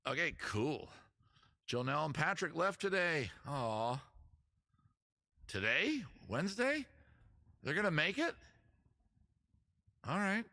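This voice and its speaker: Bright-voiced joking host, man. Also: on the high side, sing-song, slow, pauses often, no echo, clean studio sound. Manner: joking, rambling, self-mocking. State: out of breath. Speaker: livestream host, musician. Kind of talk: casual live-stream chat. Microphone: camera mic, moves away from it.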